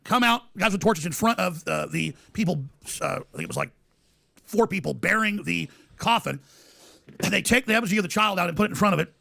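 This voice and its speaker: A man telling a story in an excited, rambling rush, acting out the voices of others as he goes, played from an archived broadcast. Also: high-pitched, brisk, gravelly, dry recording. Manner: breathless, rambling, acts out voices. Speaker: radio talk host telling a story.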